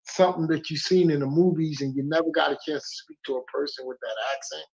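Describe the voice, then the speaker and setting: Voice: medium pitch, fast talker, creaky, a little mellow. A guest streamer in casual livestream chat, laid-back and agreeable, using slang, heard over a muffled lo-fi call.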